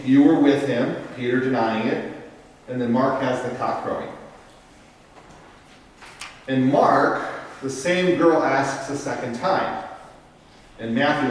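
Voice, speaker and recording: Priest teaching in an echoey room. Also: male voice, medium pitch, recorded from a distance, slight background noise. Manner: explains step by step, checks in with "Okay?". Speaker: parish priest leading a Bible study. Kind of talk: casual teaching lecture. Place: parish meeting room. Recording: echoey room, voice picked up from afar.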